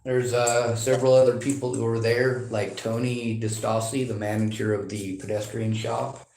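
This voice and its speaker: A man's voice: medium pitch, level tone, normal speed, darkish tone, slight background noise. A man on a phone call that is being livestreamed, talking in long, aggrieved, rambling runs about police he is reporting on. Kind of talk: casual phone conversation, livestreamed.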